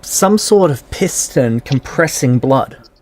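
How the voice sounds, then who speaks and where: A man's voice: medium pitch, lively intonation, slow, darkish tone. A man narrating a live tabletop game as its game master, his voice rising and falling freely as he sets the scene. His tone is casual and conversational.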